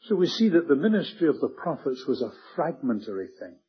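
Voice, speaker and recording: A man with a husky, breathy voice preaches a sermon with earnest emphasis. He slows down and falls to a hush at the end of key phrases. The recording sounds dull and lo-fi. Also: mid-range voice, very animated.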